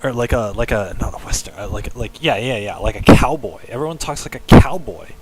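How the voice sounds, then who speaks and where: A man's voice: mid-range voice, animated, a little fast, a little hiss or hum, poor audio. A young adult man streaming, chatting casually in a rambling, self-deprecating way with frequent laughs.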